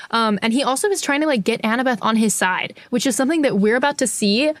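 A young woman co-hosting a casual book podcast, wry and quick-witted. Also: a little high, no room sound. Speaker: podcast co-host.

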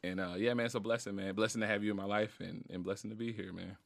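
A man's voice: on the low side, fairly even intonation, fast talker, gravelly, a bit bright. A man as a podcast guest, talking earnestly and emotionally in casual slang, close to tears. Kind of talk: heartfelt casual conversation. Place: recording studio.

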